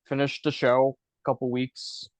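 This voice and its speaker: A man's voice: medium pitch, little pitch movement, normal speed, dry recording. Rambling man with a Buffalo accent. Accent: Buffalo, New York. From Buffalo, New York, USA. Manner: rambling, hedging with lots of fillers. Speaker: podcast co-host. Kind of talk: casual chat. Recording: dry, slightly dull lo-fi sound.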